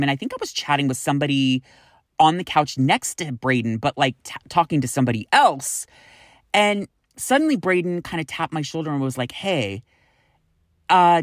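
A young man telling a candid personal story to his viewers, animated and swearing freely. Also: fairly high pitch, no room sound, studio quality. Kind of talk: storytime vlog.

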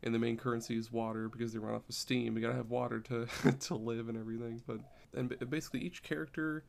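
A man's voice: mid-range voice, flat delivery, fast, gravelly. A man chatting casually on a podcast, rambling and repeating words as he explains. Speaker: podcast co-host.

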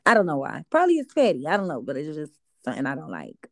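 A woman's voice: deep voice, huge pitch swings, quick pace, no echo. A young woman being interviewed as an artist, chatting in a casual, easygoing way and laughing now and then. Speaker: guest artist.

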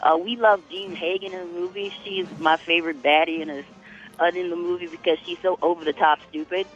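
A woman's voice: on the low side, steady tone, fairly quick. A woman in her thirties calling in to a radio show, chatty and a bit hesitant. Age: 30s. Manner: chatty, giggly, hesitant fillers. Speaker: caller. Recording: dull phone-in line.

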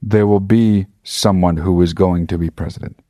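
A man's voice: low voice, fairly even intonation, moderate pace, dark tone, no echo. A man hosting his own podcast, talking in a casual, profane and emphatic monologue. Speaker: podcast host.

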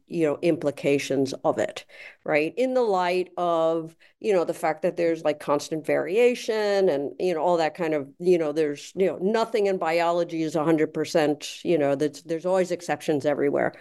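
A woman's voice: fairly low pitch, a little mellow, clear, resonant tone. A woman hosting an interview, asking long, rambling questions full of fillers. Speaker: podcast host.

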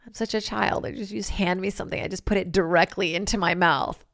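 A woman hosting a comedy podcast alone, rambling and swearing freely and switching into loud acted-out quotes. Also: mid-range voice, fairly even intonation, fast, creaky, no echo, studio quality. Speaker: podcast host. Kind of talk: casual solo comedy podcast monologue.

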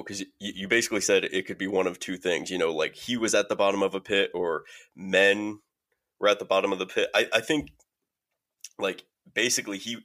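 Deep, bright-toned enthusiastic man. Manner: enthusiastic, emphatic. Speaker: podcast co-host. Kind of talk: casual podcast discussion.

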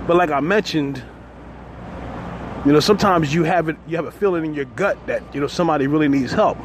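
A man's voice: on the high side, quick pace. A man talking casually to his camera while walking through the city, speaking loosely and dropping "man" and "you know" often. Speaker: vlogger. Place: city street outdoors. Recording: noisy outdoor street audio. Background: street traffic.

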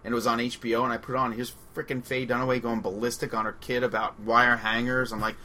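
Man, long island accent, bright tense voice, rambling movie podcast talk, frequent laughs. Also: mid-range voice, quick pace, a little hiss or hum. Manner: laughing often, excitable, rambling. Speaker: podcast co-host. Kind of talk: casual movie chat.

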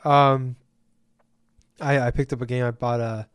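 A man co-hosting a casual gaming podcast, telling a profane, ranting story about a game. He mutters low one moment and shouts the next. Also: little pitch movement, a little slow, clean tone, no room sound, clean studio sound. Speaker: podcast co-host. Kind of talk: casual chat.

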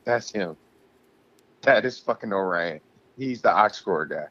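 A man's voice: on the low side, lively intonation, a little slow, a bit bright, lo-fi sound. A man co-hosting a casual podcast, ranting heatedly and swearing a lot. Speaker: podcast co-host.

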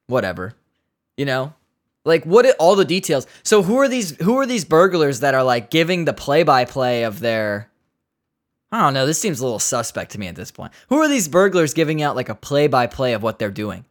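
A man's voice: mid-range voice, very animated, moderate pace. Joking, rambling podcast host man. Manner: rambling, jokey, swearing, laughing at his own asides. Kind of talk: casual solo podcast chat.

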